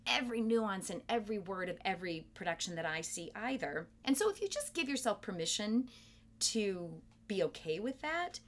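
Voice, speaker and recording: A woman's voice: medium pitch, sing-song, normal speed. A middle-aged woman theatre director in an interview, explaining terms thoughtfully and carefully, with plain enthusiasm for the craft. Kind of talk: interview conversation.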